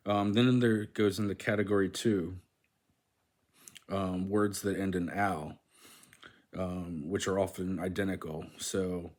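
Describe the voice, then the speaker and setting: A deep-voiced man walks through a language textbook on his channel, reading aloud in a casual, halting way. His pitch stays flat and level. He fills pauses with ums and says practice words more than once. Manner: hesitant, many "um"s, repeats words to practice them. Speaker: host of a language-learning channel. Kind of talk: casual self-study walkthrough, reading aloud from a book.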